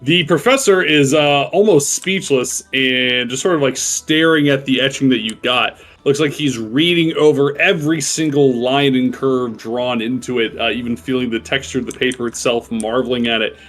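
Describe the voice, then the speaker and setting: A man's voice: mid-range voice, moderate pace, few pauses, fairly bright tone, faint music behind. A man narrating as game master of a tabletop game, chatty, with many fillers and frequent laughs.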